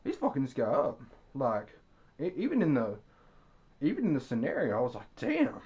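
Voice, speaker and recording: A young man ranting to his camera, telling a story with profanity and sarcasm, and breaking into loud mock screams. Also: medium pitch, wildly swooping pitch, a little fast, husky, lo-fi sound. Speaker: vlogger. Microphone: camera mic.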